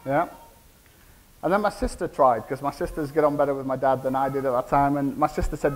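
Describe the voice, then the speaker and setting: A man's voice: medium pitch, fairly even intonation, a little fast, poor audio. A man in his forties with a Cumbrian English accent, giving a conversational conference keynote and asking the audience questions. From England. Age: 40s. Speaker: keynote speaker. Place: conference hall.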